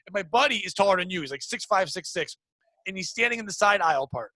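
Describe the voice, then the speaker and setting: A man's voice: high-pitched, fast, no echo. A man hosting a podcast, telling crude, rambling stories in casual chat. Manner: crude, rambling animated storyteller. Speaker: podcast host.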